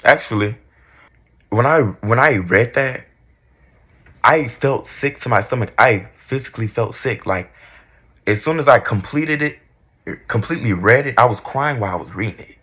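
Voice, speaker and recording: A man's voice: medium pitch, animated, normal speed, pauses often, a bit bright, breathy edge. A young man in casual storytime mode, candid, profane and dramatic about his own past. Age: young adult. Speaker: vlogger.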